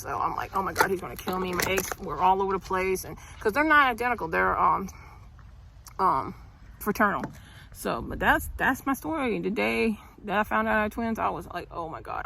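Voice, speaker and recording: Gravelly, bright-voiced woman telling a story. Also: medium pitch, a little hiss or hum, poor audio. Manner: rambling, with many restarts and sighs. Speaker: mother telling her birth story. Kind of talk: casual storytelling vlog.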